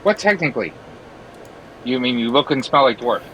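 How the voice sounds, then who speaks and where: A pushy demon character who pesters with quick, repeated questions, as a player puts him on. His pitch jumps around a lot, and there is a light hiss behind him. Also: expressive, fairly bright tone, close to an everyday voice, low-quality recording. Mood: prying. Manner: rapid-fire repetitive questions. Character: nosy, pushy demon adventurer man.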